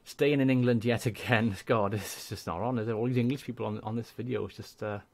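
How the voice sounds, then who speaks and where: A young man with a Welsh accent, a gaming YouTuber chatting casually and rambling through channel shout-outs. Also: on the low side, fairly even intonation, fast talker, gravelly, few pauses. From Wales. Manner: chatty, rambling, laughs often.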